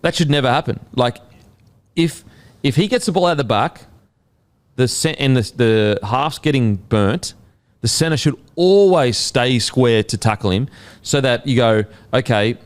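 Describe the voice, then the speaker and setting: A man with an Australian accent hosting a casual sports podcast, animated and swearing, full of fillers. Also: medium pitch, unhurried. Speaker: podcast host.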